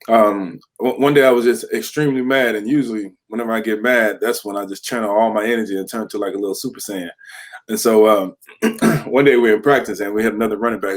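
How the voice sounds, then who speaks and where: A man with a fairly low voice tells his stories with lots of energy. He is a podcast guest in his thirties, talking candidly about his football days and acting out what his teammates said to him. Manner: animated storyteller, acts out quoted teammates. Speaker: guest, former pro football player. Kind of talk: candid podcast interview, storytelling.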